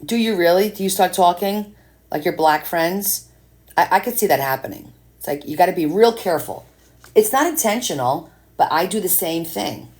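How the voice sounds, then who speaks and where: A woman's voice: lowish voice, expressive, normal speed, darkish tone. A woman chatting casually on a live stream as she paints, rambling and answering viewers' comments.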